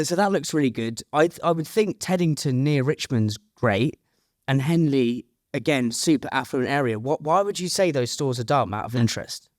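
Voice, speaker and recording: A man's voice: mid-range voice, no echo, studio quality. A man hosting a podcast interview, talking in a rambling, self-deprecating, casual way with the odd swear. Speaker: podcast host.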